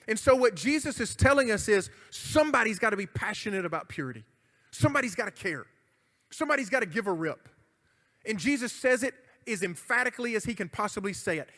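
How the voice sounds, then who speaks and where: A man's voice: high voice, sing-song, fairly quick, a bit bright. A middle-aged man, preaching a youth sermon in an emphatic, conversational way with jokes. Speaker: youth pastor. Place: church hall. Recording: church hall reverb.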